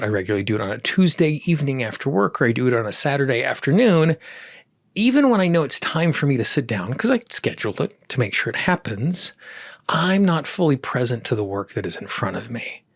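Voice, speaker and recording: Male podcast host, husky and reflective, calm teaching monologue, dry close sound. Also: a little fast, no echo. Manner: calm, reflective, drops soft and low on key words.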